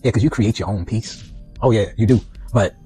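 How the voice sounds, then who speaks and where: A man's voice: on the low side, normal speed, warm tone, husky, soft background music, rough recording. A middle-aged man speaking in a conversational monologue about his own life, often adding "you know" and "right". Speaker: vlogger. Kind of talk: personal reflective monologue.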